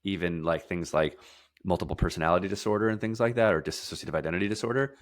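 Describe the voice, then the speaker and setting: A man guest in an interview, explaining emphatically, stacking lists of words and repeating key phrases. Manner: drops to a quieter, slower, lower delivery for heavy points. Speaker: podcast guest, somatic therapist.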